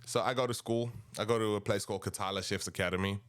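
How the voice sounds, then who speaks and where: A man in his thirties with a South African accent, rambling and animated as he tells casual stories about his past. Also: lowish voice, quick pace, clear, resonant tone. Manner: rambling, animated, restarts often. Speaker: podcast host. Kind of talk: casual storytelling monologue.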